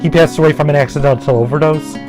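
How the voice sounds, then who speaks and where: A man's voice: on the high side, fairly even intonation, fast talker, over music. A man giving casual, rambling gameplay commentary, full of fillers, restarts and the odd swear word. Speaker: gaming commentator.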